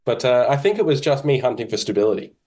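A man, a podcast guest talking in a relaxed, self-deprecating way with halting restarts. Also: medium pitch. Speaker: podcast guest, kettlebell instructor. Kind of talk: casual interview chat.

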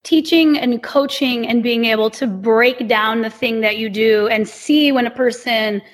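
A woman's voice: on the high side, measured pace. A woman who teaches movement, guesting on a podcast and explaining her ideas thoughtfully. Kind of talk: casual conversation.

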